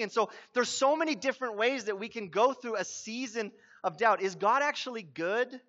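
A man preaching with a high, bright, forceful voice, earnest and pressing his point with questions. His words ring out with a long hall reverb. The sound is a little dull and muffled. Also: moderate pace, hardly any pauses. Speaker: pastor. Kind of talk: sermon.

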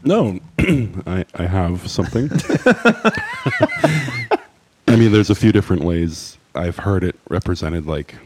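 A man's voice: low-pitched, lively intonation, a little slow, long pauses, noisy background. A man co-hosting a theology podcast, thinking aloud with hesitant restarts. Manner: thoughtful, hesitant, with many restarts. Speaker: podcast co-host. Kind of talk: casual podcast chat about theology.

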